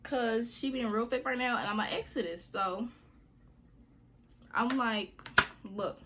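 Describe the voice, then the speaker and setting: A woman's voice: fairly high pitch, slow, very noisy. A young woman vlogger telling a story to her viewers in a chatty, slangy way, often calling them y'all.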